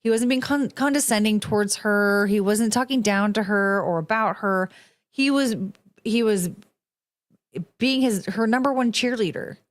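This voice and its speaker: A woman's voice: medium pitch, normal speed. A woman hosting a podcast, giving blunt, profane commentary on video clips and dropping into mocking impressions. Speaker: podcast host.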